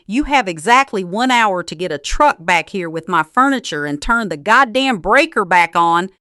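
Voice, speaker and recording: A woman's voice: medium pitch, animated, normal speed, pushed and bright, dry recording, studio quality. A woman voicing an arrogant, furious son-in-law who snarls with venom in a storybook narration.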